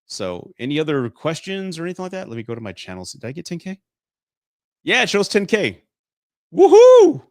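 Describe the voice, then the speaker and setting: A man's voice: a little high, very animated, brisk, a bit bright, no echo, clean studio sound. Casual swearing Texan man in his forties. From Texas. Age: 40s. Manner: casual, swears freely, laughs often. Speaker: host. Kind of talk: live stream Q&A.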